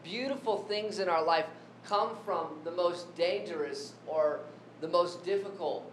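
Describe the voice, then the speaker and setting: Man preaching in an echoey room. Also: measured pace. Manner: asks the congregation questions. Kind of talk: sermon. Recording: echoey room with faint rumble.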